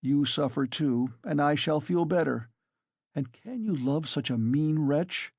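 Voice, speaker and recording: A man's voice: a little high, lively intonation, unhurried, a little mellow, no room sound, clean studio sound, pitched above the performer's own voice. A man reading a tormented young man. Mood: despairing. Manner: anguished pleading. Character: young male student, tormented, desperate, bitter. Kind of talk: audiobook character reading.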